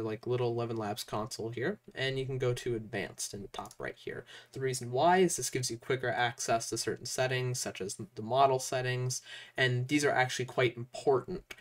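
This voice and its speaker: A young man walks viewers through a software tutorial in a loose, chatty way, leaning on fillers like "uh" and "like". His pitch sits at an ordinary middle. He sounds a little distant from the microphone. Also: brisk. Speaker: tutorial host. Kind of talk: casual screen-recorded software tutorial.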